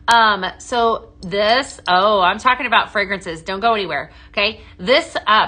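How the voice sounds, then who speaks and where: A woman with a mid-range, sharp voice hosts a live sales stream for home fragrances. She demonstrates products while chatting, greeting viewers by name and filling her speech with ums and okays.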